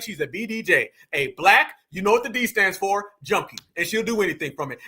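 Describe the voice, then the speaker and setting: American male commentary host with a very high, piercingly bright voice; emphatic, repeats himself, calls his viewers fam. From United States. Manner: emphatic, repeats phrases, addresses the audience as fam. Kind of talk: casual reaction commentary.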